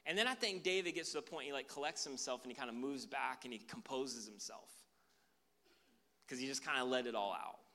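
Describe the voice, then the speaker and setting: A man preaching a sermon as pastor, animated and conversational. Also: medium pitch, fairly quick.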